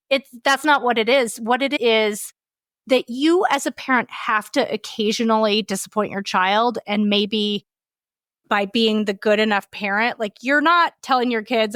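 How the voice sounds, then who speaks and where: A woman's voice: a little high, moderate pace, a bit bright, no echo, studio quality. A woman co-hosting a podcast, reflecting and explaining ideas in conversation. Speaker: podcast co-host.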